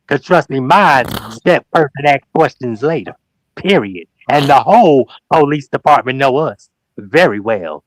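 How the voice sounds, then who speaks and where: This man, speaking at medium pitch and a little slowly, is a guest on a livestream talk show, calling people out in an emphatic, preachy way. He repeats his points and acts out what others said, telling slangy, animated stories with mock quotes in a heated exchange.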